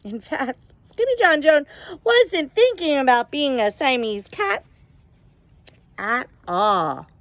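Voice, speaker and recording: A woman reads a children's storybook aloud, leisurely and full of expression. Her fairly high voice rises and falls a lot, and the sound is close and dry, as at home. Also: takes it slowly, dry recording. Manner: expressive, asks listeners questions. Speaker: storybook reader. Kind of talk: reading a picture book aloud to children.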